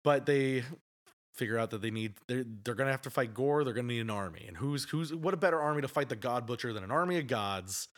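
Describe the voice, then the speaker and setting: A man's voice: medium pitch, animated, fast, fairly bright tone. A man co-hosting a casual movie review podcast, chatty and often laughing as he retells scenes. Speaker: podcast co-host.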